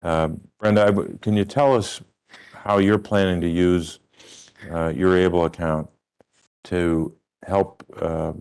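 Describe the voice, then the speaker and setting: A man chairing a public hearing, asking questions in a measured, deliberate way and repeating points for emphasis. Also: deep voice, level tone, darkish tone, clear, resonant tone. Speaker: committee chair.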